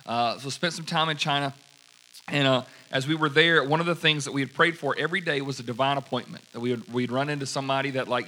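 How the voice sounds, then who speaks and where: A man preaching a sermon, telling a story in an animated way and acting out the people in it. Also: a little high. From United States. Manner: animated, acts out quoted dialogue. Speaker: pastor.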